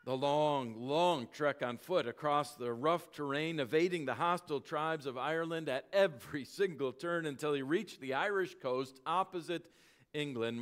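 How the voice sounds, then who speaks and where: Man preaching, slow dramatic storytelling. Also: fairly high pitch, fairly bright tone. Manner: storytelling with dramatic slowing and sinking volume. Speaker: pastor. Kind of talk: sermon.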